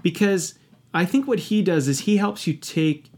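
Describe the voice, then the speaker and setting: Husky, passionate man swearing freely. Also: high voice, animated, moderate pace, a little mellow. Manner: passionate, emphatic, heavy swearing; earnest and self-reflective. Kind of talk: candid podcast conversation.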